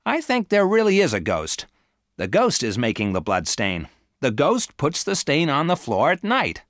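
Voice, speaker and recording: A man voicing a confident, eager young man who talks high and boastfully. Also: wildly swooping pitch, moderate pace, a bit bright, no echo, clean studio sound.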